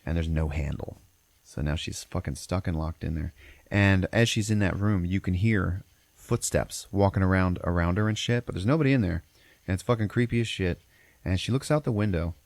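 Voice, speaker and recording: A podcast host with a very deep, low voice and a darkish tone recaps a movie's plot at normal speed, rambling along and swearing freely. The recording is dry and close-miked, with no room sound at all.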